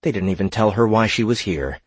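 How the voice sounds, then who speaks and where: A man narrating an audiobook in a steady, measured reading. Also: lowish voice, husky, dry recording.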